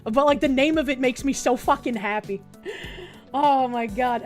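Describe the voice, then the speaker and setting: A woman's voice: high-pitched, normal speed, faint music behind. An American woman streaming, reading an article aloud and chatting with a rambling, profane, laughing manner. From United States.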